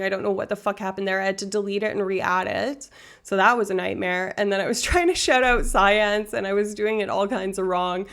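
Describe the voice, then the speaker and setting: A woman's voice: medium pitch, fairly bright tone. A woman live-streaming, talking casually about neuroscience with lots of ums and some swearing. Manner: chatty and swears freely, with frequent ums.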